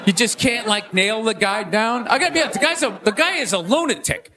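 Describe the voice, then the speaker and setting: A man doing a loud, ranting stand-up set on a theater stage, shouting his punchlines. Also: high voice, expressive, a little fast. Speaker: stand-up comedian. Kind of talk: stand-up monologue. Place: theater stage before a laughing audience. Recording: live show with audience laughter and noise.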